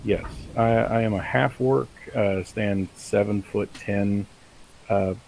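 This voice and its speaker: A man's voice: lowish voice, fairly even intonation, takes it slowly, vocal fry, darkish tone, a little hiss or hum, poor audio. A man as a player, hesitantly describing what his character does. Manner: hesitant, lots of fillers.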